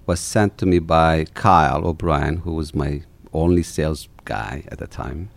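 A middle-aged man from Turkey, an animated storyteller who repeats words as he recounts his company's start in an interview. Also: extremely low pitch, normal speed, creaky. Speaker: company founder guest.

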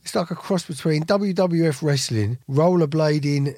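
A fairly high-voiced man trades banter on a podcast, mocking and full of swearing as he tells stories. His voice is dry and close to the mic. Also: moderate pace, mellow, dry recording. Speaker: podcast co-host. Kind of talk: casual chat.

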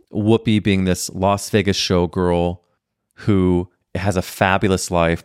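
This is a man in his thirties from St. Louis, hosting a solo podcast and spinning a comic story with campy flair. His voice sits fairly low and sounds smooth and clear. It is recorded close and dry, with no room sound. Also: dry recording. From St. Louis, Missouri, USA. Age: 30s. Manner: campy, animated storyteller acting out quoted voices; laughs mid-story. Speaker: podcast host.

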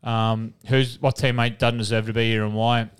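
Smooth-voiced Australian man telling stories. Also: mid-range voice, level tone, moderate pace. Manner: swears freely, laughs while telling stories. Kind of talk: casual chat, storytelling.

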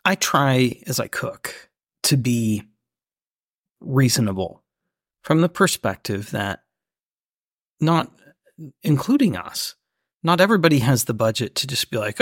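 A man with a gravelly, fry-edged voice and a Southern US accent, trading teasing, deadpan banter as a podcast co-host. His voice is recorded close and dry, with no room sound around it. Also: medium pitch, a little slow, long pauses, no room sound. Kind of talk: casual chat.

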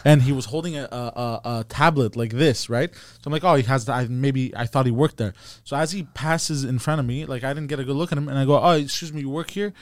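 A man's voice: medium pitch, fast, dry recording, studio quality. A man co-hosting a comedy podcast, telling a rambling story in casual chat, laughing and restarting often. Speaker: podcast co-host.

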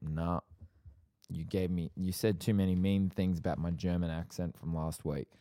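Deep-voiced young man, dry teasing banter. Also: fairly even intonation, moderate pace, dark tone, dry recording. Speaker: podcast co-host. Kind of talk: casual chat.

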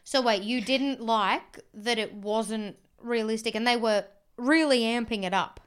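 A woman comedian co-hosting a casual chat, telling stories in an animated, rambling way, full of "like". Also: fairly high pitch, a little slow, clear, resonant tone. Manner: animated, rambling storyteller with many "like"s. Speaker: comedian and podcast co-host.

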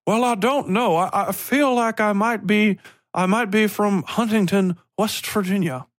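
A man's voice: sits high, a little slow, no echo, clean studio sound, voice pushed up. A man mimicking a bumbling book character who fakes a rural drawl in a hesitant, hammy way.

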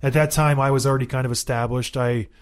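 A man hosts a casual podcast, riffing in an animated, self-mocking way. His voice sits at an ordinary middle pitch, and he sounds like someone in his thirties telling sports stories. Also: quick pace. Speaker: podcast host, former hockey player.

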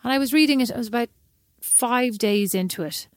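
Woman co-hosting a chat podcast, kinda high voice, self-deprecating, dry close mic. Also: a little fast, no room sound. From Ireland. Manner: animated storyteller, self-deprecating. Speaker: podcast co-host. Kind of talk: casual chat.

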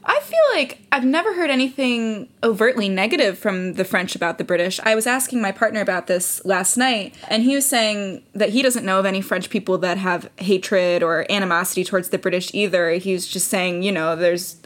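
An American woman on a podcast, walking listeners through statistics in a measured, informative tone. She sounds young and speaks at an even, middle pitch. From United States. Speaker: podcast co-host. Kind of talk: podcast discussion, presenting figures.

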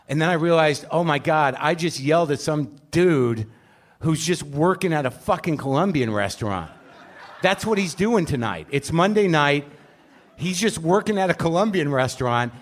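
A man hosting a show live on stage, delivering a rambling, self-deprecating comic rant full of profanity. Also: on the high side. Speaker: podcast host. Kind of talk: live comedic monologue.

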